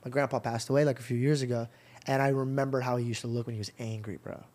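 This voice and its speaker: A man hosting a podcast, telling stories in a lively, animated way with casual swearing. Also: mid-range voice, fast talker. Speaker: podcast host. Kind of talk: casual chat.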